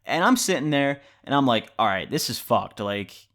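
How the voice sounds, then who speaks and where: A man's voice: medium pitch, very animated, normal speed, a bit bright. A man telling a story for his vlog in a casual, rambling way, full of "like" and swearing. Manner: rambling, heavy use of "like" and profanity. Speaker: vlogger.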